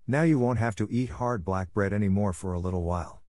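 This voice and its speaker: A man's voice: lowish voice, a little fast, darkish tone, no room sound, studio quality, lightly acted. A man voicing an earnest young girl coming home to her family, reading her lines with a raised, heartfelt voice. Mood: joyful.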